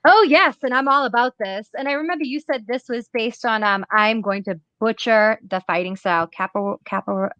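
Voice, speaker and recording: Cheerful massachusetts lady interviewing a guest, laughs a lot, kinda high pitched. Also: a little fast, hardly any pauses, bright, forceful tone, lo-fi sound. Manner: enthusiastic, laughs often. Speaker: host. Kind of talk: casual interview chat.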